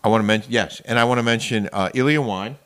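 A man's voice: mid-range voice, fast, a bit bright, clean tone. A man co-hosting a casual daily chat show, talking easily and reading sponsor plugs. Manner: chatty, reads sponsor ads, laughs often. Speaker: co-host.

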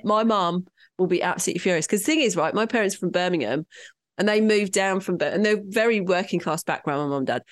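A woman's voice: mid-range voice, quick pace, no room sound, clean studio sound. A woman in her late thirties with a London accent, co-hosting a casual chat, frank and laughing often. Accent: London English. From London, England. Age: late 30s. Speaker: podcast co-host.

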